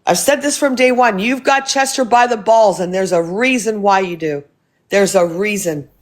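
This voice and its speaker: A woman's voice: medium pitch, moderate pace. A woman hosting a phone livestream, ranting in a heated, profane and confrontational way while thanking viewers for gifts. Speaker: livestream host. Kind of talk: casual livestream rant.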